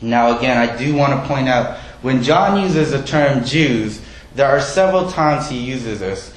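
A man's voice: mid-range voice, lively intonation, unhurried. Conversational male pastor in an echoey room. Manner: conversational, self-deprecating, asks the congregation questions. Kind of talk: sermon.

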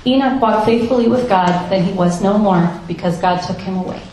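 Lady reading a bible passage, careful and steady, super echoey church sound. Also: medium pitch, a little fast. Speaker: scripture reader. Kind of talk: reading scripture aloud. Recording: very echoey church room with faint noise.

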